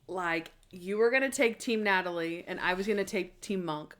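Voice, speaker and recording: A woman's voice: on the low side, moderate pace, a bit bright. A woman co-hosting a podcast in casual chat. She retells scenes animatedly, acts out quoted lines and leans on "like" as a filler. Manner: frequent "like" fillers. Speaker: podcast co-host.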